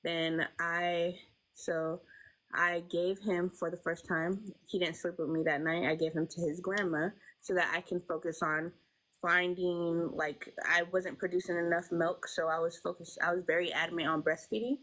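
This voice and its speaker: Young woman, interview guest, emotional, halting, slightly low voice. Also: level tone, fairly bright tone, low-quality recording. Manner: emotional, halting, many fillers. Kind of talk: personal storytelling.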